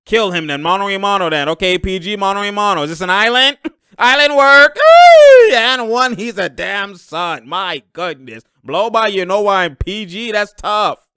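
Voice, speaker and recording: A young man calls out a basketball game as he watches it, slangy and excitable, laughing a lot and hollering at the plays. His voice is bright and crisp and sits a little high. The sound is dry and close, with no room around it. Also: normal speed, no echo. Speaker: basketball commentator reacting to a game. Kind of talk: live game reaction commentary.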